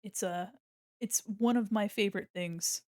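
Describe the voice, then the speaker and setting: A woman's voice: mid-range voice, a little slow, no echo, studio quality. An American woman streaming her art, chatting casually and giggling as she thinks aloud while she draws. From United States.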